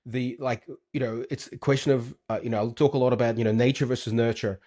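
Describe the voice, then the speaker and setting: Fast-talking man. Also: medium pitch, fairly even intonation, mellow. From Moldova. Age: 40s. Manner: rambling, many fillers and restarts. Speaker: guest entrepreneur. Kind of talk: casual interview chat.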